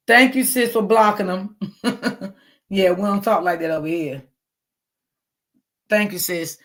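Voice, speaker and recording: A woman's voice: medium pitch, takes it slowly, pauses often, fairly bright tone. A woman hosting a casual livestream, chatting to her viewers in a repetitive, talkative way. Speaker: livestream host.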